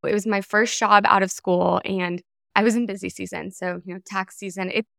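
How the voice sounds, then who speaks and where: A woman hosting a podcast, chatty and animated as she tells a story, with lots of "like". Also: medium pitch, moderate pace, gravelly, no echo, clean studio sound. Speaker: podcast host. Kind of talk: conversational interview.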